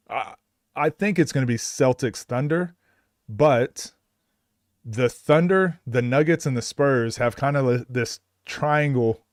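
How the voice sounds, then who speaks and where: A man's voice: mid-range voice, no room sound. Man from Oklahoma with a mid-range voice, recorded dry, chatting casually with his stream chat and laughing often. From Oklahoma, USA.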